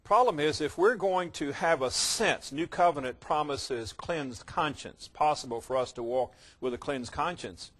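A man preaching a sermon in a voice a little higher than most men's. He retells the story in his own words, sometimes soft and reflective, then rising to loud, stressed lines. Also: unhurried, hardly any pauses. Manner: storytelling, swings from quiet reflection to loud emphasis.

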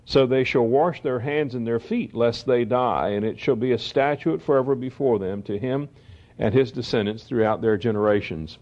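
Slow-reading Bible teacher, man. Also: medium pitch, darkish tone. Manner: reads scripture slowly, then explains in quick asides. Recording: dull lo-fi recording.

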